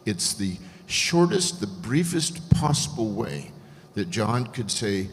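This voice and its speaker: A man calmly explaining Greek grammar point by point as a guest scholar. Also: fairly low pitch. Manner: measured, methodical explanation. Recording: echoey hall, faint ambience.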